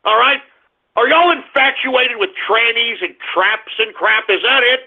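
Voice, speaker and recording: A man hosting a radio show, ranting in exasperation at his chat room, swinging between groans and shouts. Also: very high voice, measured pace. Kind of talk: exasperated live call-in banter. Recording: tinny phone-line sound.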